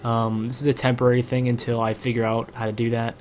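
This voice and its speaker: A man's voice: medium pitch, completely flat delivery, fast, a little mellow, slight background noise. Rambling young man chatting over gameplay. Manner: rambling, chatty, with many fillers and self-corrections. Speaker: gaming channel host. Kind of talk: casual let's-play commentary. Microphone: desk microphone.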